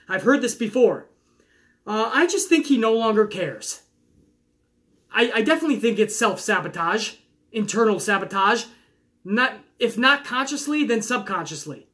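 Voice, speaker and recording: Bright-voiced man chatting excitedly. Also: high voice. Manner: chatty and enthusiastic, reads questions aloud then riffs. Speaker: podcast host answering viewer questions. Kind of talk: casual chat.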